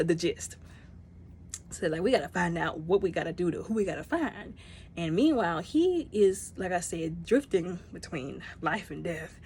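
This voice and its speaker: A woman casually reviewing a movie, chatty and emotional, talking straight to her viewers and acting out the characters' lines in quick bursts. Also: fairly low pitch, a little hiss or hum.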